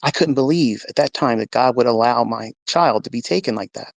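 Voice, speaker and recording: Gravelly-voiced man telling a heartfelt story. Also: medium pitch, fairly quick, no echo. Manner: earnest, animated, voice rises and falls with the story. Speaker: speaker sharing a faith testimony. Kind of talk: emotional personal storytelling. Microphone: phone in a live audio room.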